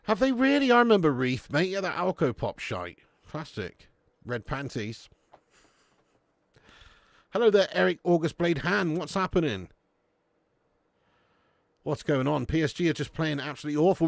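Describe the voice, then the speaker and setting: A man's voice: a little high, sing-song, moderate pace, no echo. A young man hosting a live football watch-along, swearing and bantering with his chat. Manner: sweary banter, bursts into shouting commentary on goals.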